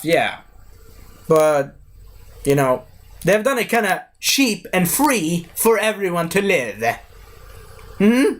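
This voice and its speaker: A man's voice: a little high, slight background noise. A young man reviewing a cartoon series in a loose, chatty, digressive way. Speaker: video reviewer. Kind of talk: casual rambling review.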